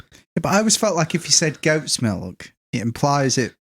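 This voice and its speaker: A man's voice: fairly high pitch, very animated, fairly bright tone. A man co-hosting a podcast, wry and playing along in crude casual banter. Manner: wry, quick to laugh, plays along. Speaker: podcast co-host.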